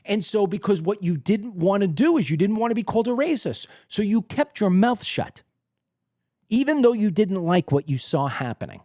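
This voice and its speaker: Fired-up male host, high and lively. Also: moderate pace, no echo, studio quality. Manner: emphatic, heated, acts out other people's reactions. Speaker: political commentary host. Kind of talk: opinionated monologue. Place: at his desk at home.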